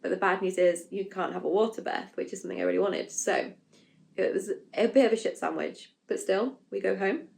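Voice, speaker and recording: A woman's voice: mid-range voice, fairly quick, gravelly, darkish tone, a little hiss or hum. A young woman vlogger telling her own story frankly and casually, full of fillers and asides, acting out her own panicked quotes. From England. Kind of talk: candid storytelling vlog.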